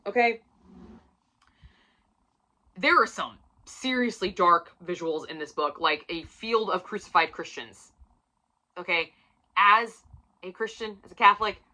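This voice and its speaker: A woman giving a casual, profane book review for her channel, swinging from loud emphasis to near-whispers. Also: medium pitch, low-quality recording.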